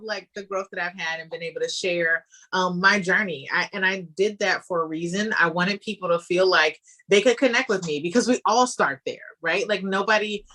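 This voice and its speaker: A woman answering interview questions in a chatty, animated way, with frequent fillers along the way. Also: medium pitch. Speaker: guest, wine business founder.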